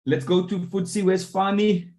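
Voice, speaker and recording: A man coaching a live online trading room, often pausing to ask whether his listeners are following. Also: high-pitched, steady tone, a little mellow. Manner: keeps checking in with listeners. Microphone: video call.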